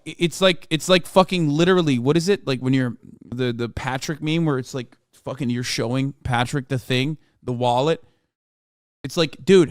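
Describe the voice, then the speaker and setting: A man hosting a livestream, reading a news article aloud quickly and breaking off into rambling, profane asides. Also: on the high side, dry recording, clean studio sound. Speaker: streamer host.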